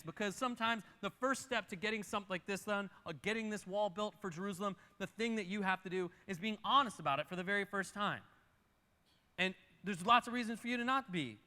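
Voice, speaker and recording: A man with a high, bright voice preaches a sermon, hammering home his points by repeating them. His voice rings out through a large church hall with a long reverb tail. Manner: emphatic, repeats key phrases. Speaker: pastor.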